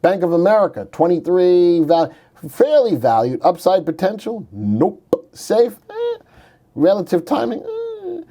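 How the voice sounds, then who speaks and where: Joking guy host going thru stock charts live, mellow voice, bouncy pitch. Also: a little slow. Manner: animated, joking, thinks aloud while reading charts. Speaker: stock market show host. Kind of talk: casual livestream market commentary.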